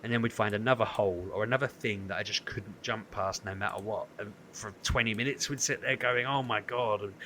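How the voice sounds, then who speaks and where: A man's voice: on the low side, fairly quick, few pauses, a little hiss or hum. A man, co-hosting a podcast, telling a story in casual chat and acting out what people said. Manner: animated storytelling, acts out quotes. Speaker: podcast co-host.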